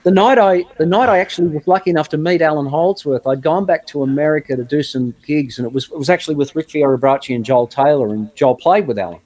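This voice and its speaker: A man's voice: a little high, fast talker, hardly any pauses, a little mellow, slight background noise. Chatty man telling a story. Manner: chatty anecdotal storyteller, frequent restarts. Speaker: guest guitarist. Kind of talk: casual storytelling interview.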